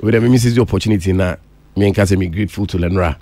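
A man's voice: deep voice, quick pace, dark tone. A man with a Ghanaian accent, a radio guest, chatting casually and gratefully. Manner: grateful, easygoing, thanking people. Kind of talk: casual chat.

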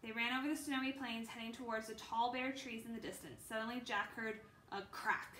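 A woman's voice: a little high, fairly even intonation, brisk, sharp tone. A woman reading a children's book aloud, unrehearsed, with small stumbles and restarts. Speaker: reader. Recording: echoey room, faint background noise.

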